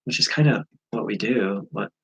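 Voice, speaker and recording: American guy musing about spiritual stuff, kinda husky low voice, lots of ums and restarts. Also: muffled recording. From USA. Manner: halting, many fillers and restarts. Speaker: spiritual teacher. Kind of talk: reflective spiritual vlog.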